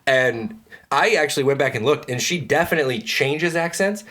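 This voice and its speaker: A man's voice: medium pitch, animated, moderate pace, sharp tone. A man co-hosting a podcast, chatting casually and agreeably about a movie and laughing often. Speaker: podcast co-host. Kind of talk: casual comedy movie-review chat.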